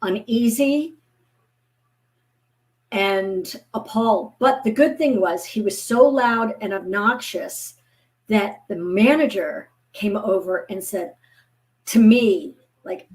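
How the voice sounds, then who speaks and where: A woman in her fifties, a guest author, chatting casually and telling lively stories, acting out the voices of people she quotes. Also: fairly high pitch, slow. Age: 50s. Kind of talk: casual chat.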